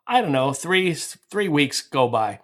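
A man who is a guest composer, telling an animated story in conversation and rambling with many restarts and fillers. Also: a little high, slow.

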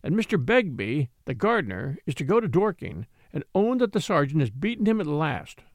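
A man's voice: fairly high pitch, sing-song, normal speed, dry recording. A man voicing an elderly male house steward who is stubborn, fussy and loyal, in an audiobook reading. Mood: earnest warning. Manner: obstinate, fussy and respectful.

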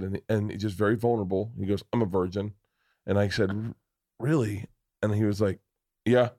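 Animated middle-aged man telling stories. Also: lowish voice, fairly quick. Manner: animated storyteller, acts out quoted voices, swears freely. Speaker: podcast host, comedian. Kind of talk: casual chat, storytelling.

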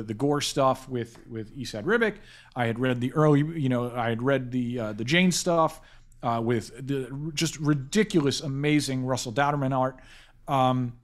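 A man hosting a casual panel chat about films, talking quickly and excitedly with many fillers and restarts. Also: medium pitch. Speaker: podcast host, editor-in-chief.

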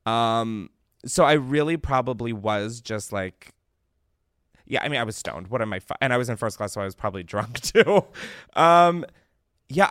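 A man's voice: mid-range voice, fairly bright tone, no echo, studio quality. A young man hosting a podcast, rambling and self-deprecating in casual comedic chat with frequent swearing. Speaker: podcast host.

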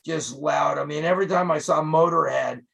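An older man, a rock photographer, telling stories in an interview, animated and profane, loudly acting out what he said to musicians. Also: a little high, moderate pace, gravelly, breathy edge, low-quality recording. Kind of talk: casual storytelling interview.

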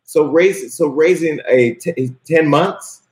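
A man hosting a casual interview, relaxed and quick to laugh. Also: a little high. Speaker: host. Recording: roomy echo.

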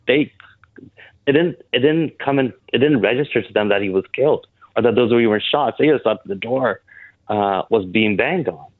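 Man, guest on a call-in, low voice, earnest and halting, tinny phone line. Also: no echo. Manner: halting, earnest, many restarts. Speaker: guest, board member of an advocacy group. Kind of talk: phone-in interview.

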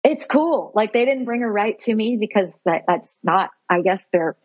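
A woman guest telling a personal story in an animated way, laughing often and saying "like" a lot, with a husky voice. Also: mid-range voice, normal speed, dry recording, muffled recording. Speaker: podcast guest.

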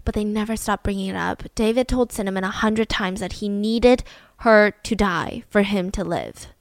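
A woman's voice: mid-range voice, moderate pace, vocal fry, dry recording. A young woman telling a true crime story casually, chatty with lots of "like".

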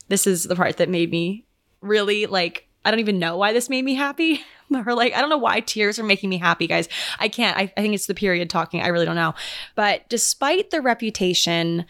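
A woman's voice: mid-range voice, no echo. Chatty young woman podcast host, dry sound. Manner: chatty, rambling, many "like" fillers. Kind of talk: casual solo podcast chat. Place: home.

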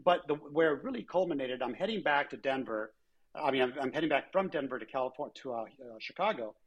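Husky-voiced man telling business stories. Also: mid-range voice, lively intonation, fast talker. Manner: anecdotal, acts out quoted dialogue. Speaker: former airline chief executive, guest. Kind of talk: conversational storytelling interview.

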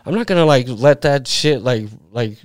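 A man's voice: mid-range voice, lively intonation, normal speed, clean tone, no room sound, clean studio sound. A man in his forties from Utah, a podcast guest telling a story in a rambling, profane way, full of "like" and "dude". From Utah, USA. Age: 40s. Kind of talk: casual storytelling.

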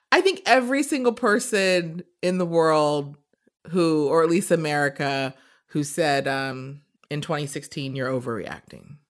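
Woman, very low voice, wry and sardonic, casual podcast chat. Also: unhurried. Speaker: podcast co-host.

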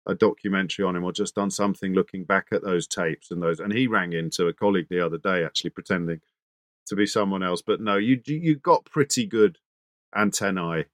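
A man's voice: low-pitched, quick pace, no echo, studio quality. A middle-aged male radio presenter telling anecdotes in a chatty interview, stumbling over restarts as he goes. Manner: chatty anecdotal, frequent restarts and repeated words. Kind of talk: conversational interview storytelling.

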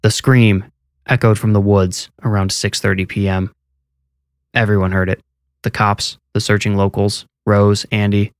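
A man narrating a horror audiobook in a steady, measured delivery. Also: on the low side, clear, resonant tone, dry recording.

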